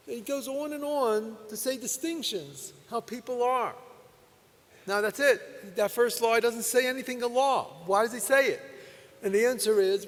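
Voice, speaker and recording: Older man, rabbi; folksy Torah lecture, high-pitched, convention-hall echo. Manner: folksy storytelling with soft laughs. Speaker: rabbi speaker. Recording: long hall reverb.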